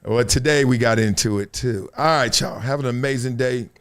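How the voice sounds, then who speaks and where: A man hosting a casual livestream of sports commentary, talking in an animated, playful way and laughing often. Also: normal speed. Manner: animated, playful, laughing, jumps between high and low tones. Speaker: host.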